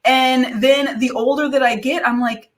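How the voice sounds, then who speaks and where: A woman from Kentucky hosting a podcast in relaxed, casual chat, laughing often. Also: high-pitched, measured pace. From United States, from Kentucky. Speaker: podcast host.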